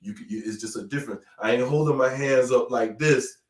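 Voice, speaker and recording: Guy talking fighting technique, gets loud then drops low, echoey room, sits back from the mic. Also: brisk, recorded from a distance. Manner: animated, swings from loud bursts to low mutters. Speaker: martial arts instructor. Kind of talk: casual conversation.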